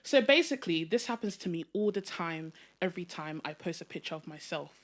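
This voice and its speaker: A woman hosting a casual podcast, excitable and laughing often as she chats and reads a listener's message aloud. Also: fairly low pitch, fairly quick. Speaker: podcast host.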